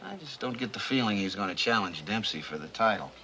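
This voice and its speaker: A teasing young reporter in a 1950s film, tossing off dry wisecracks in a low, bright voice that swings up and down a lot. The old soundtrack carries a faint hiss. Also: male voice, animated, fast talker, poor audio.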